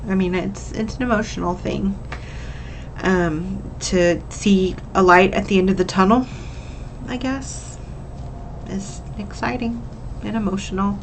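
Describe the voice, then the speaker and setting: Chatty young woman vlogging, slow and candid. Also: medium pitch, fairly bright tone, slight background noise, poor audio. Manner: candid, upbeat, emotional at times, says "y'all". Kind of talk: casual talk to camera.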